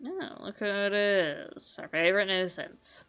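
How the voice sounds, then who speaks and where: A woman's voice: mid-range voice, a little slow, a bit bright, clean tone, faint music behind, voice pushed down. A woman voicing a smug, mysterious young man with a sly, teasing manner.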